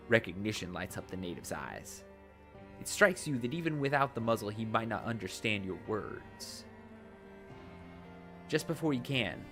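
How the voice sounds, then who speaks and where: A man's voice: lowish voice, a bit bright. A man reading a text adventure game aloud in a put-on accent, breaking into casual asides to his viewers. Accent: put-on accent while narrating. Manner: dramatic narration broken by casual asides.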